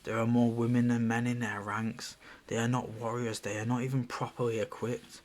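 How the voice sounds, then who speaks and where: A man reading the part of a stern Roman governor aloud from a screenplay, in a quiet, measured and threatening way. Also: mid-range voice, little pitch movement, slight background noise, lightly acted. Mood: commanding. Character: stern male Roman governor, menacing and cold.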